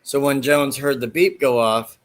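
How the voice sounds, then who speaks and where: A man's voice: medium pitch, a little slow. A man hosting a casual chat, rambling as he retells movie scenes and acts out the quoted lines.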